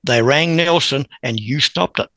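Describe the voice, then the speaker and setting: A man, a podcast guest telling a long story in a lively, chuckling way. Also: mid-range voice, measured pace, no room sound, low-quality recording. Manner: animated anecdote-teller who chuckles and clears his throat. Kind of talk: conversational storytelling.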